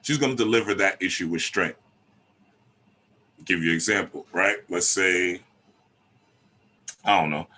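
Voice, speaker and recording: Talk host, man, low bright voice, streetwise and animated. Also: unhurried, pauses often. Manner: animated, streetwise, lots of rhetorical "right?". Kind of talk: casual monologue.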